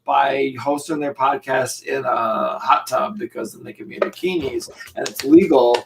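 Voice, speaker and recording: A man's voice: mid-range voice, normal speed, creaky, background noise. A man hosting a casual podcast chat, rambling and laughing often. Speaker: podcast host.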